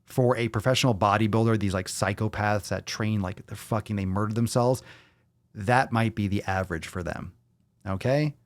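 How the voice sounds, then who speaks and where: A man's voice: lowish voice, moderate pace, no room sound, clean studio sound. A man hosting a casual livestream fitness Q&A, talking in a blunt, profane, off-the-cuff way. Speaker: fitness podcast host.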